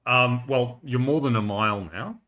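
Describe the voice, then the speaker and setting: A man narrating as game master of a tabletop game, relaxed, with frequent laughs and ums. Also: medium pitch, normal speed, dull audio. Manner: relaxed, laughs often, fillers while describing.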